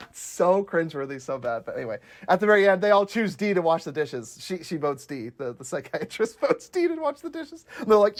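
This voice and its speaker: Podcast co-host, casual chat, lively swooping pitch, laughs a lot, acts out quotes. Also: fast, hardly any pauses. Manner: animated, laughing often, acting out quoted lines. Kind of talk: casual chat, retelling comedy scenes.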